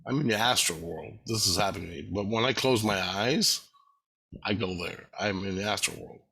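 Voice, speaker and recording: Gravelly low-voiced man rambling. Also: moderate pace, pushed and bright. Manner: profane, repetitive storytelling. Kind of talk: rambling personal monologue.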